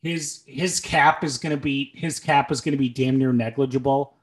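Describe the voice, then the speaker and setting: A man's voice: medium pitch, steady tone, normal speed. A young man co-hosting a podcast, making dry sarcastic jokes between thoughtful takes, with frequent ums and uhs. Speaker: podcast co-host. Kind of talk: casual sports and movie chat.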